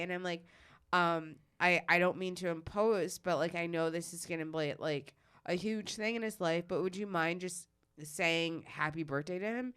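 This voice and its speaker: Smooth-voiced woman telling a wild story. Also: lowish voice, normal speed. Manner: animated storyteller, swears freely, acts out quoted voices. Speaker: podcast co-host. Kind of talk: casual chat, storytelling.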